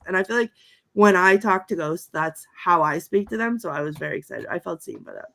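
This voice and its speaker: Film-review co-host, a woman with a clear bright voice, dry and rambling, reads off her notes. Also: fairly low pitch, lively intonation, a little fast. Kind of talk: casual chat.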